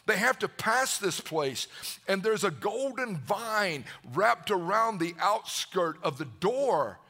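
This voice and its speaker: A man's voice: high-pitched, sing-song, slow, vocal fry, bright, forceful tone. A man preaching a sermon in a fervent way, often stumbling into repeated restarts as he builds up.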